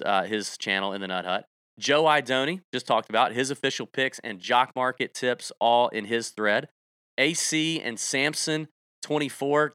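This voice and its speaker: A man's voice: mid-range voice, bright, forceful tone, clear, resonant tone, dry recording, studio quality. A man hosting a golf betting podcast, rambling through announcements and joking with his co-host. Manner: rambling, jokey, salesy announcements. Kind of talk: casual podcast chat.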